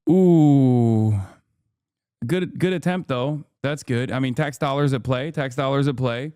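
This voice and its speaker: A man's voice: mid-range voice, normal speed, clean tone, dry recording. A man hosting a live stream who reacts to news clips with sarcastic, profane ranting. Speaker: livestream commentator.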